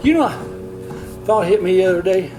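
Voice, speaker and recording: A man's voice: high-pitched, animated, moderate pace, music in the background, poor audio. An older man, chatting casually on a livestream, reading viewer comments while walking on a treadmill, folksy and easygoing, slightly out of breath. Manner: folksy, easygoing, chuckles often.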